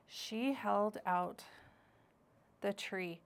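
A woman narrating a children's audiobook, reading clearly. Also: mid-range voice, fairly even intonation, slow pace.

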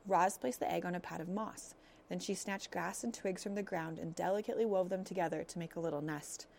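A woman reading a children's novel aloud as narrator, telling the story in a steady, expressive way. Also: on the low side, a little fast, vocal fry, slight background noise.

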